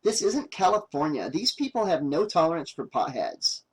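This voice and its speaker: A man voicing an irritated young woman filmmaker, sharp and exasperated. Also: on the high side, big pitch swings, moderate pace. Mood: annoyed.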